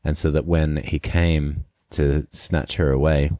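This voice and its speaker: A man hosting a podcast, retelling a fairy tale in a relaxed, conversational way before discussing it. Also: a bass voice, unhurried, dry recording. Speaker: podcast host. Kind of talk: conversational storytelling and commentary.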